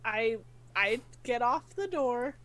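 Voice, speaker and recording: A woman's voice: on the high side, expressive, takes it slowly, fairly bright tone. A woman playing a tabletop game, making short matter-of-fact remarks in casual chat. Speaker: player.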